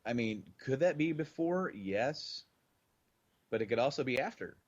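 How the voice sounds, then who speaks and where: A man's voice: medium pitch, lively intonation, measured pace, dull audio. A man co-hosting a podcast in casual chat, rambling and circling back on his points. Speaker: podcast co-host.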